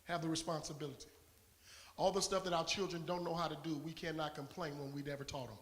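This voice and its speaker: A pastor preaching a sermon to his congregation, building to shouted peaks and calling for responses. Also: on the high side, steady tone, quick pace. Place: church sanctuary. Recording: long reverb of a church hall.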